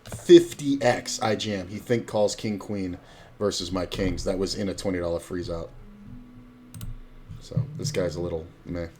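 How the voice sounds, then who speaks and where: A man's voice: deep voice, steady tone, measured pace, a little mellow, slight background noise. A middle-aged man who streams, telling casual, rambling poker stories with plenty of swearing and acted-out quotes.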